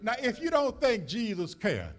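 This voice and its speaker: A man's voice: sits high, wildly swooping pitch, moderate pace. A man preaching a sermon as a minister, telling stories in a folksy way with many fillers and rising emphasis. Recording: church service recording.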